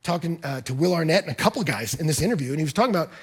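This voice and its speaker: Husky high-voiced man preaching a sermon. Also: racing. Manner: animated storyteller, acts out dialogue in quotes. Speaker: pastor.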